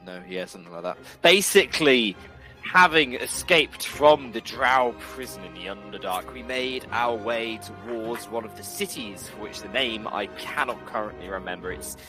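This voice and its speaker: A man's voice: on the low side, animated, moderate pace, music in the background, rough recording. A man playing a tabletop game, rambling and joking with lots of self-interruptions. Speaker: player. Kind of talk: casual tabletop banter.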